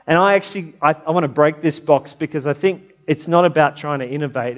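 A man giving a conversational sermon. He is reflective and often drops into a soft, prayerful tone. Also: a little high, a little fast, hardly any pauses, muffled recording. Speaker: preacher.

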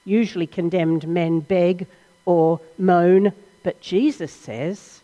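A woman preacher tells a story in an earnest, dramatic way, asking question after question. Her voice sits on the low side, and a long hall reverb trails each phrase. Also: steady tone, slow, warm tone, muffled recording. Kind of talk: sermon, storytelling retelling.

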